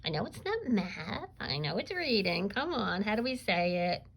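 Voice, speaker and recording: Bright-voiced teacher coaxing young children. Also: female voice, mid-range voice, big pitch swings, normal speed, vocal fry, husky, poor audio. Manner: coaxing and encouraging, asks pupils to answer aloud; frequent um fillers while explaining. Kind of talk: recorded reading lesson for young children.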